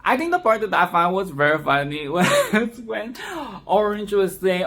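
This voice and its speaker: A woman giving a casual, animated film commentary, swearing, laughing and repeating phrases for emphasis. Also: medium pitch, moderate pace. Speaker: film review vlogger.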